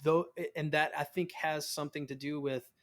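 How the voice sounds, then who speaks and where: A man in his thirties talks casually as a guest in an interview, his voice sitting a bit high for a man. He tells stories with energy and often stops to restart or repeat a word. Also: moderate pace. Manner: animated storyteller, acts out quotes of family; many restarts and repeated words. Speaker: voice actor guest.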